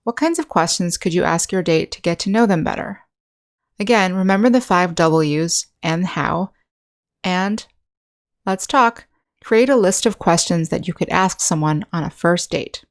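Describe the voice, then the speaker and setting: An American woman, an English teacher, narrating an online lesson in a clear, patient way and slowly demonstrating sounds. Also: on the low side, lively intonation.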